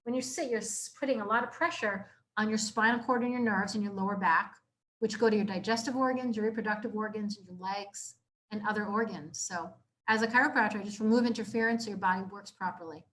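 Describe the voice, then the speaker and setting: A young adult woman chiropractor giving an informal health talk to a live audience, casual and earnest, repeating herself and filling pauses with "like" and "you know.". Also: mid-range voice, a bit bright. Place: community room, live audience.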